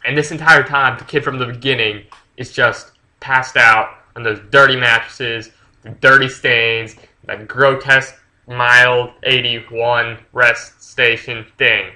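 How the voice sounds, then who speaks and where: Young-sounding guy, very bright, edgy voice, loose rambling plot recap full of fillers and swearing. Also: mid-range voice, fairly even intonation, slow pace, low-quality recording. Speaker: book reviewer. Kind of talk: casual plot retelling.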